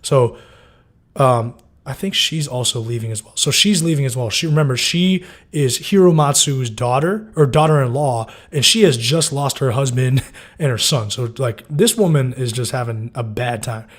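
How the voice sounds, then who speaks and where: A man's voice: medium pitch, moderate pace. A man giving a loose, casual breakdown of TV episodes, full of fillers and swearing. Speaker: TV show recapper.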